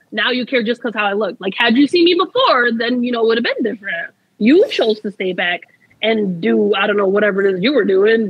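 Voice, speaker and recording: A woman's voice: a little high, slightly rough, no room sound, muffled recording. A young adult woman, a guest in a casual interview, telling a story in a chatty way, laughing often and saying "like" a lot.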